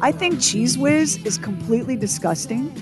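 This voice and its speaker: A woman co-hosting a radio show, ranting in a lively, opinionated way and chatting casually. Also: high-pitched, normal speed, over music.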